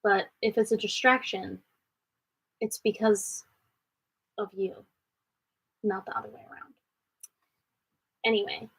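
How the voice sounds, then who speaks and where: This Canadian woman answers viewer questions on a live Q&A stream from her home studio, chatting casually and drifting between thoughts with quick pitch jumps. Apart from those jumps, her pitch moves little. Her fairly bright voice has vocal fry and a slightly rough quality, and the recording is low quality.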